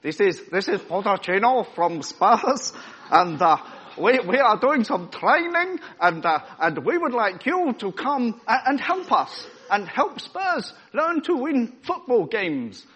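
A man doing a brief, halting impression of a football manager making a polite phone invitation, louder and higher than his usual voice. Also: sing-song, exaggerated voice. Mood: eager invitation. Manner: halting, hesitant impression with an attempted foreign lilt.

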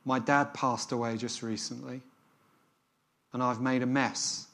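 A preacher reading as a humble older shopkeeper. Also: male voice, mid-range voice, little pitch movement, a little slow, gravelly, a bit bright. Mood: confessional. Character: older male outback shopkeeper, regretful and humble.

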